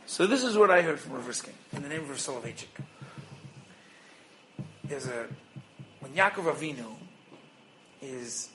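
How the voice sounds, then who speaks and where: A man with a fairly high voice teaches a Torah lesson, animated and quick to throw out rhetorical questions. He slips into acted-out back-and-forth exchanges to make his points. A faint hiss of noise sits under his voice. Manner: acts out little dialogues. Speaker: rabbi and educator.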